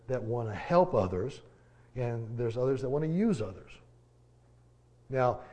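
A man preaching a sermon in a casual, halting way, with lots of fillers and the odd folksy joke. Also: mid-range voice, mellow. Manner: conversational, halting, many fillers and restarts; folksy, joking aside.

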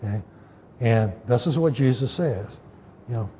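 A man's voice: medium pitch, animated, moderate pace, mellow, a little hiss or hum. A man teaching an informal Bible study, explaining scripture in a loose way with many fillers and restarts.

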